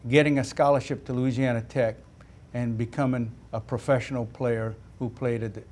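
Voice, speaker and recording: A man talking as a studio guest, with a mid-pitched voice. He speaks in a measured, reflective way and recalls details with care. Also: steady tone, a little mellow. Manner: measured, thoughtful, recalls carefully. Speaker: studio guest, former player. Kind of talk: reflective sports talk.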